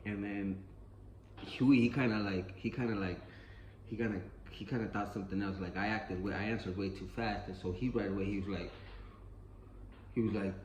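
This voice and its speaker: A man's voice: on the low side, fairly quick, slight background noise. A man telling a street story in a casual, rambling and profane way, often repeating himself. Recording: roomy echo, faint ambience.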